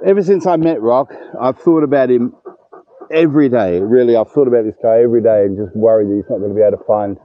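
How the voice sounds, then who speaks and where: A man's voice: medium pitch, quick pace, no room sound, lo-fi sound. A man in his fifties vlogging casually outdoors at a dog kennel, chatty and emotional. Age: 50s. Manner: emotional, chatty, warm-hearted. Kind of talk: casual vlog talk to camera.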